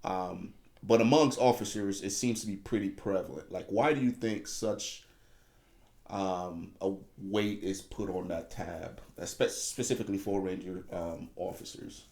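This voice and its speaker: A man's voice: low voice, measured pace, vocal fry, a little mellow. A man hosting a casual interview who asks short, easygoing questions and laughs along. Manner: brief questions and backchannels, laughs easily. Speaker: podcast host.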